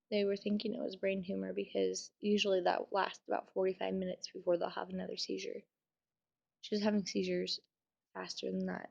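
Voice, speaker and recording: Tearful young woman with a gravelly voice. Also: medium pitch, a little mellow, lo-fi sound. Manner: emotional, trying to hold back tears; casual, swears often, many fillers. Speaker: vlogger. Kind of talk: personal storytelling vlog.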